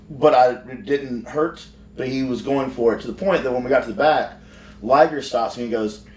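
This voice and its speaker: A man's voice: medium pitch, a little mellow. Profane man telling a backstage story. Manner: rambling, profane, frequent restarts. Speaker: professional wrestler. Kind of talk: casual storytelling on a podcast. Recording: roomy sound from far off.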